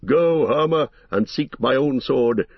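A man voicing an aged male king who speaks with slow, proclaiming authority in a storybook reading. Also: medium pitch, no room sound, highs cut off. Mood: commanding. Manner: proclaiming, commanding. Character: aged male king, weary then roused.

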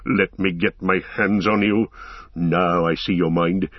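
A man's voice: low voice, steady tone, measured pace, no room sound. Give me a fervent proud warrior man, as a male narrator plays him, pleading and raging, in a dry audiobook recording. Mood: furious. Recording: slightly dull lo-fi recording.

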